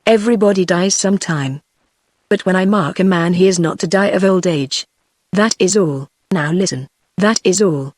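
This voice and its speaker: A man's voice: high voice, normal speed, no room sound. Sly male mob boss, synthetic read, dry studio sound. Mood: mocking. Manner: sly, taunting, then snarling. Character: smooth-talking male gang boss, mocking and menacing. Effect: text-to-speech.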